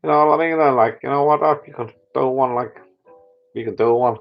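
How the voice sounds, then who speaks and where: A man's voice: mid-range voice, a little fast, creaky, faint music behind, voice pushed up, natural voice. A man putting on a swaggering male rock singer voice with a cocky, dismissive drawl. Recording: dull lo-fi sound.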